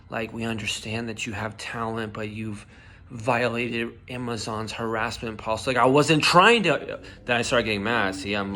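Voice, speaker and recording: Gravelly low-voiced man, swearing and riled up. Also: a bit bright, slight background noise. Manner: heated, swears often, many likes and dudes. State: voice shaking with emotion. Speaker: vlogger. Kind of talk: casual storytelling monologue.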